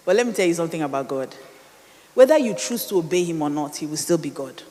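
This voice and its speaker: A woman's voice: lowish voice, big pitch swings, fast talker, darkish tone. A middle-aged woman with a Nigerian accent, telling a personal story in a dramatic sermon style full of rhetorical questions. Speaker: speaker. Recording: reverberant hall.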